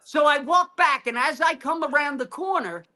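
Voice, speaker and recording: High, bright-voiced man telling wild stories. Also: normal speed. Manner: animated, profane, acts out shouting. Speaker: guest comedian. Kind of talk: storytelling in casual chat.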